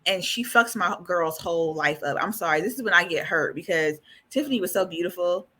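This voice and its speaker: A woman co-hosting a casual podcast chat, retelling scenes with animated energy and frequent swearing. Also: fairly low pitch, brisk. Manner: animated storyteller, acts out scenes; swears freely. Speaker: podcast co-host.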